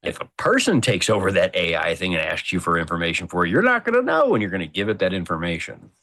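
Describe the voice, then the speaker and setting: A man's voice: sits low, animated, quick pace, sharp tone, no room sound. A man guest on a casual talk show, thinking aloud and making emphatic points. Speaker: podcast guest. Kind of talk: casual chat.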